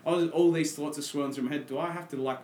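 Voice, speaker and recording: A man's voice: on the high side, fast talker. Australian bloke yarning on a podcast, acts out what he said back then, bit of room echo. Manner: animated, acts out his own past lines. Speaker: podcast guest. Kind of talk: casual storytelling chat.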